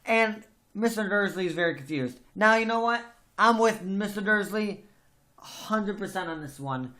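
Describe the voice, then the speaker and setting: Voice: medium pitch, animated, normal speed, sharp tone. A podcast host in a casual book discussion, talking emphatically and venting strong opinions.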